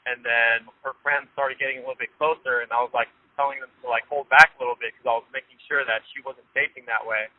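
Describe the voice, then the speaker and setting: A man's voice: medium pitch, steady tone, fast, hardly any pauses, no room sound. A man telling a story in casual chat, laughing often and acting out the people he quotes. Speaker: interview guest. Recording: tinny phone line.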